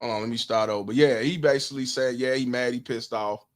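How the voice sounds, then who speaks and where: A man's voice: medium pitch, steady tone, fast talker. A man, hosting a commentary stream, blunt and profane, putting questions to his audience. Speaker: host.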